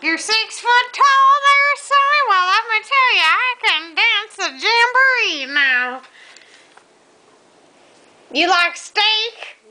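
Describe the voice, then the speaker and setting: Shrill, cussing old granny. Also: expressive, slow pace, pushed and bright, full character voice, rough recording. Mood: flirty. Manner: cussing, rambling, folksy drawl. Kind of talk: prank phone call.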